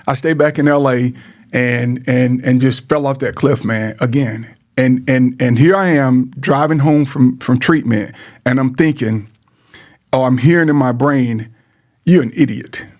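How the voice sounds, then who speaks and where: A man's voice: medium pitch, measured pace, a little mellow. A middle-aged man from Georgia telling a personal story in an earnest, repetitive way, often calling to his listeners. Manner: earnest, repeats words, addresses listeners as man and guys. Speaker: host sharing personal story. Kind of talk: emotional personal testimony.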